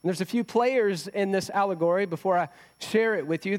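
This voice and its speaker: A man's voice: high voice, a little fast. A man preaching a conversational sermon as a pastor, often asking the congregation rhetorical questions.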